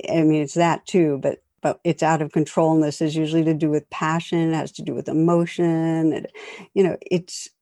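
A woman giving a dharma talk as a meditation teacher, gentle and conversational with light humor. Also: sits low, dry recording, clean studio sound.

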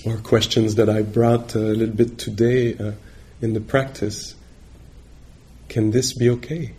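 Guy giving a dharma talk, super slow, halting, lots of uhs, soft reflective tone. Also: fairly low pitch, flat delivery. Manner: halting, searching for words with many pauses. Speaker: meditation teacher.

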